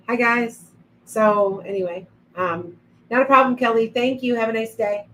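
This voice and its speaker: A woman's voice: fairly high pitch, moderate pace, fairly bright tone, slight background noise, poor audio. A middle-aged woman hosting a casual psychic livestream, rambling and reading out viewer comments as they come in. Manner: chatty, rambling, reads viewer comments aloud. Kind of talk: casual live-stream chat.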